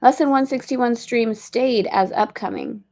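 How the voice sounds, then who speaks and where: A woman's voice: a little high, measured pace, darkish tone. A middle-aged woman hosting a spiritual study livestream from a boat, talking in a chatty, upbeat, rambling way with playful asides. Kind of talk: casual livestream chat.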